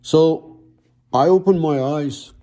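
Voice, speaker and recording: A middle-aged man telling a personal story slowly and haltingly, searching for words with many fillers. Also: fairly high pitch, warm tone. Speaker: guest telling his own story.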